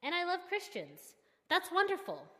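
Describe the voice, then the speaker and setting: A kindly, curious male driver who asks eager questions and sounds pleased with everything he hears, put on by a woman telling the story. He comes across as excited and friendly, in a slow, somewhat high voice. A long hall reverb hangs behind him. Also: heavily acted.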